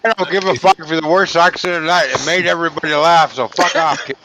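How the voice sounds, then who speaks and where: A man's voice: a little high, steady tone, fast talker, over a noisy crowd, rough recording. A Canadian man bantering crudely and joking in a streamed voice chat. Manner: joking, crude, clears throat often. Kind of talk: casual banter.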